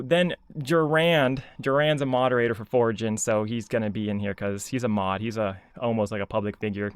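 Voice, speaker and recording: A man's voice: medium pitch, clear, resonant tone, dry recording. A man ranting casually as a video commentator, sarcastic and exasperated, full of filler words. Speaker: YouTube commentator.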